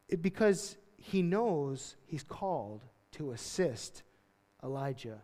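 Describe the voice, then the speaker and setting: A man preaching a sermon as a pastor, telling Bible stories in a lively, casual way and acting out the characters. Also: on the high side, slow pace. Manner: animated storytelling, acts out Bible characters in casual voices. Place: church sanctuary. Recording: long church reverb.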